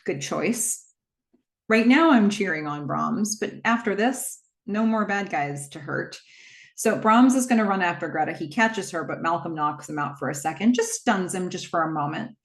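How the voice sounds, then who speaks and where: A woman retelling a movie plot in a casual, chatty way, with quick asides and small acted-out quotes. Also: on the low side, expressive, roomy sound. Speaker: movie recap host.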